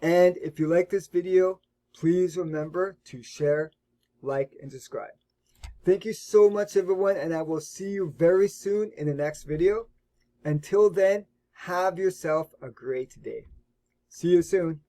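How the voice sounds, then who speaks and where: Mellow-voiced man teaching English grammar. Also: sits high. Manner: slow, careful, repeats key words. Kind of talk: explaining grammar to learners.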